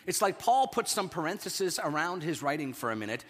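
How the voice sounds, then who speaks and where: A male pastor with a hoarse throat, preaching a conversational sermon and often clearing his throat. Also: on the high side, sing-song, normal speed, hardly any pauses, fairly bright tone. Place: church sanctuary. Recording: reverberant church hall.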